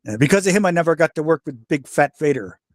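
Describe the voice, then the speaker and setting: A man's voice: fairly high pitch, quick pace, no room sound, studio quality. A man, a retired pro wrestler and interview guest, telling stories in casual talk and acting out the voices of the people he quotes. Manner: animated storyteller, voices the people he quotes, swears freely.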